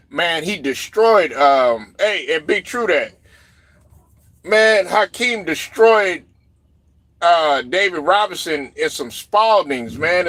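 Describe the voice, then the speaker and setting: A man hosting a casual sports talk stream, rambling loosely with lots of fillers and getting loud when he's riled up. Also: a little high. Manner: loose, rambling, lots of fillers and "you know what I'm saying". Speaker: livestream host reading chat.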